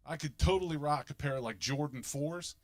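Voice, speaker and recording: A man, doing a stand-up comedy set and jumping into loud exaggerated voices for punchlines. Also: a little high, fairly quick. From Philadelphia, United States. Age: 50s.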